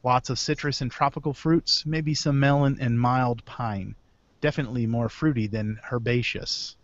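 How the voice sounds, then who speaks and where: Over a video call, a man with a mid-range voice and steady tone hosts a casual beer podcast at normal speed. He rambles through release news, corrects himself as he goes, and chuckles between items. The audio is dull, with no echo.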